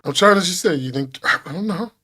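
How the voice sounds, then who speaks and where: A man's voice: sits high, lively intonation, a little fast, sharp tone, husky. A man streaming while he draws, chatting casually in a neutral northeastern American accent, rambling and teasing. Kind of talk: casual chat while drawing.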